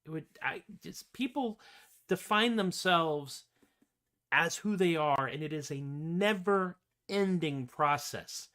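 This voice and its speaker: A man's voice: fairly high pitch, lively intonation, slow, pushed and bright. A man hosting a casual music livestream, chatting between songs in a rambling, self-mocking way. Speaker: singer-songwriter host. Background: acoustic guitar.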